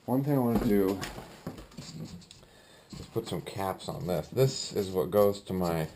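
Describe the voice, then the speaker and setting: A man talking casually as he works on his home boiler, thinking aloud with fillers and throat clearing. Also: deep voice, lively intonation, takes it slowly, noisy background. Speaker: DIY builder vlogging his project. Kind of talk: casual talk-through while working. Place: garage boiler room, indoors. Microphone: action camera.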